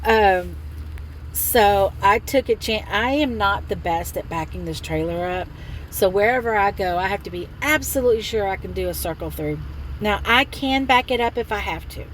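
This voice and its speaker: A woman's voice: medium pitch, lively intonation, moderate pace, a little hiss or hum, rough recording. A middle-aged woman, chatting in a rambling, casual way with lots of fillers while she sits in a parked truck. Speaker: vlogger. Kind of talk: casual vlog narration.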